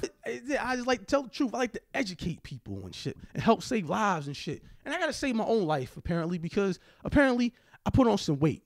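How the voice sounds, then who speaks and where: A man's voice: sits high, sing-song, quick pace, dry recording, clean studio sound. A young man doing a profane, brash stand-up comedy set, acting out the voices of people in his stories.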